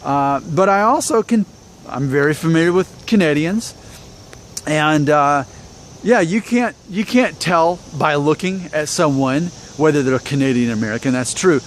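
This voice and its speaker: A man's voice: on the high side, expressive, moderate pace, a little hiss or hum. A man from Alabama talking to camera in a rambling, self-deprecating way, full of fillers and restarts. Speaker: YouTube vlogger. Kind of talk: casual talk to camera.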